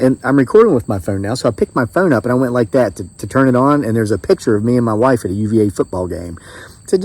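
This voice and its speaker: A man in his fifties tells a personal story straight to the camera in a relaxed, folksy way. His voice stays mid-pitched, but his loudness swings up sharply on the points he stresses. He comes across as emphatic and talkative, with a chatty, neighborly edge. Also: quick pace. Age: 50s. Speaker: homesteading vlogger and disabled veteran.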